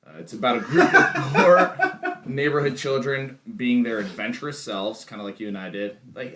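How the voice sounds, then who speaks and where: A man's voice: medium pitch, sing-song, normal speed, bright, forceful tone. A young man co-hosting a podcast in casual, joking chat with crude humor. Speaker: podcast co-host.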